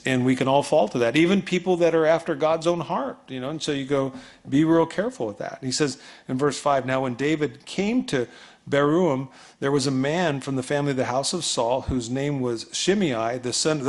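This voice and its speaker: A man preaching a sermon with a middle-pitched voice. He talks loosely and conversationally. He acts out the voices of the people he quotes. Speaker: pastor.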